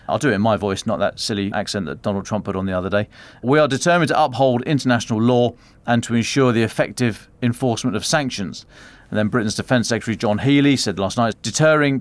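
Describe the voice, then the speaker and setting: Man presenting a news roundup. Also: fairly low pitch. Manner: wry asides while reading quotes. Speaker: news podcast co-host.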